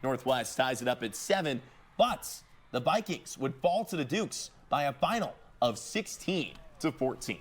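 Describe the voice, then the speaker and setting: A man co-anchoring a high school football highlights show, calling plays with energetic, joking punch. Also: unhurried. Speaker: sports news co-anchor.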